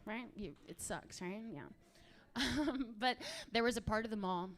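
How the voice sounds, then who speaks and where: A woman in her thirties from Miami doing a stand-up comedy set, with a crude, animated, swearing storytelling manner. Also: mid-range voice, measured pace.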